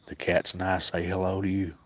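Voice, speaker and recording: A man with an Appalachian accent, hosting a casual livestream outdoors and speaking softly to viewers by name. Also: sits low, monotone, fairly quick. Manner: soft-spoken, grieving, talks to viewers by name. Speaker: cat sanctuary livestream host.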